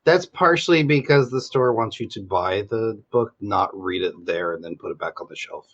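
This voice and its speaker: Man, podcast co-host, husky voice, expressive pitch, dull lo-fi recording. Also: moderate pace. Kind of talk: casual podcast chat. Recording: dull lo-fi mic sound.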